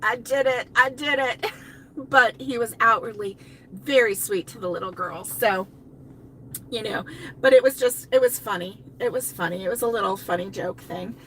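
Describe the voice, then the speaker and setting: A woman's voice: medium pitch, normal speed, a little hiss or hum. An older woman chatting casually from inside her car on a live stream, rambling, laughing often and reading out viewer comments. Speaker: crochet channel host.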